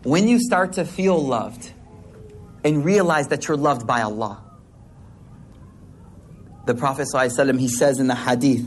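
A man's voice: mid-range voice, normal speed, long pauses, a little hiss or hum. A man preaching a sermon to a congregation in a hall, talking in a casual, slangy way with playful asides.

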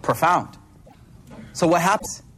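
A man giving an informal religious talk, slangy and animated, swinging between hushed and loud. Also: on the high side, slow. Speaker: religious speaker. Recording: noisy recording with clicks.

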